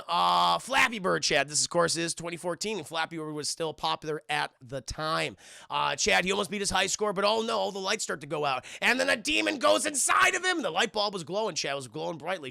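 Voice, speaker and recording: A streaming man with a bright, high voice and a heavy gravelly fry. He gives his live chat a profane, rambling, irreverent recap. The sound is dry and close. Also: no echo. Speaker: streamer and TV reviewer.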